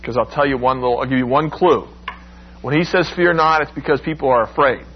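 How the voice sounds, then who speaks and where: A man preaching a sermon, expressive and emphatic, acting out the quoted lines with sudden rises. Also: mid-range voice, brisk, lo-fi sound, a little hiss or hum.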